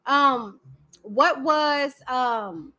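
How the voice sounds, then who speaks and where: A woman with a Texan accent hosting a live stream, talking candidly and lively straight to her viewers. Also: sits high, drawn-out words. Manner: lively and candid, talks straight to viewers with "y'all" and "you know what I'm saying". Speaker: livestream host. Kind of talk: casual live-stream commentary.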